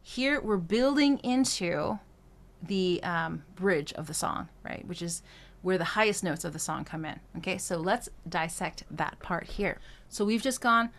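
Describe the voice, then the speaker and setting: A vocal coach with a lowish, expressive voice teaches a singing lesson a little slowly, explaining technique with lots of fillers and restarts, then singing short phrases and drills. Faint music plays behind her.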